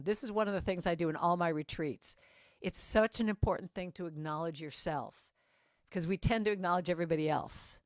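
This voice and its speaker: A woman's voice: mid-range voice, no room sound, clean studio sound. A woman giving an earnest, chatty inspirational morning message as guest speaker, talking over a video call.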